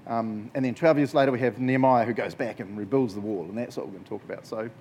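A man's voice: medium pitch, quick pace, a little hiss or hum. A man giving a casual, jokey Bible talk to a group as a youth preacher. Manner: jokey, conversational, animated storytelling.

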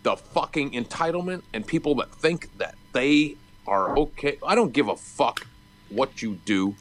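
A man co-hosting a casual podcast, telling a story in a loud, swearing rant. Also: mid-range voice, expressive, moderate pace, poor audio. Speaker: podcast co-host. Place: Hollywood.

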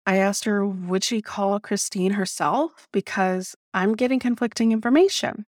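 Woman host telling a personal story, animated, cussing, mid pitch, dry. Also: normal speed, few pauses, no room sound. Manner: animated, swears freely, vents with laughter. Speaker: podcast host. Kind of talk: casual storytelling monologue.

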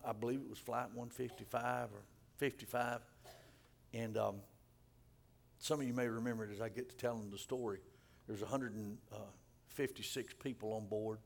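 A man preaching a sermon as pastor, often repeating words and rising to loud, emphatic peaks. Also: medium pitch, fairly even intonation, brisk, gravelly.

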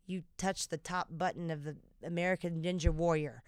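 A woman's voice: fairly low pitch, a little fast, very noisy. Southern-accented woman podcast co-host. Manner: animated, laughs often, exaggerated Southern accent. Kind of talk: casual chat.

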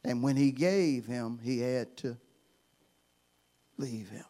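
A man, a bishop, preaching a sermon in a fiery call-and-response style that swings from hushed asides to shouting. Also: medium pitch, slow.

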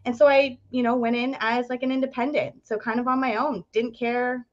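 A little high and brisk, this young woman from Ontario, Canada chats animatedly as a podcast guest, acting out quotes and filling her story with "like." The lo-fi audio sounds dull.

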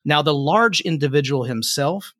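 A man's voice: fairly high pitch, lively intonation, normal speed, fairly bright tone, no room sound, studio quality. A man narrating a tabletop game as game master, describing scenes in a rambling way with many fillers.

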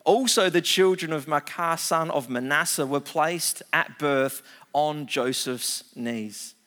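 A middle-aged man, preaching a sermon, reading scripture aloud and explaining it with animated asides. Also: mid-range voice. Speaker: pastor.

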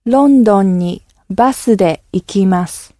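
A woman whose first language is Japanese, saying model phrases in a level, even way for learners. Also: medium pitch, fairly quick, dry recording, clean studio sound. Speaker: native speaker model.

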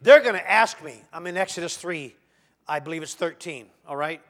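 A man preaching a sermon, swinging from quiet talk to loud shouting and acting out the voices of the figures he quotes. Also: fairly high pitch, lively intonation, moderate pace. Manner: dramatic, swinging from soft to shouting; acts out quoted voices of God and Moses.

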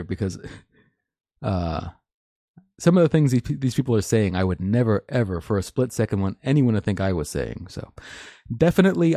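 A man's voice: on the low side, mellow, dry recording, clean studio sound. A man hosting a live stream, reading and commenting on news articles in an opinionated, rambling way, laughing often.

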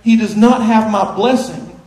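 A man preaching a sermon, folksy and playful, building to loud emphasis. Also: sits high, measured pace. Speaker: pastor. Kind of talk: sermon with live illustration. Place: church sanctuary. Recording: roomy church echo.

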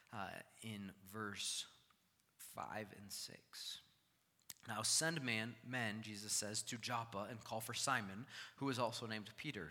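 Male pastor, animated sermon delivery, bright forceful voice, long hall reverb. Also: fairly low pitch. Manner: animated preaching, acting out scripture voices.

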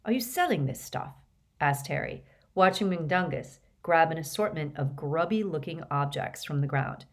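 A woman reading an audiobook aloud with a lively delivery. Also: low voice. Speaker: audiobook narrator.

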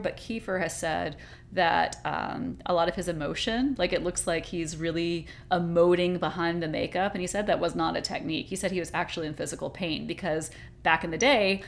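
A woman's voice: lowish voice, vocal fry. Chatty woman recapping a movie. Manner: animated, laughs often, says "like" a lot. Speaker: podcast co-host. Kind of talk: casual movie recap chat.

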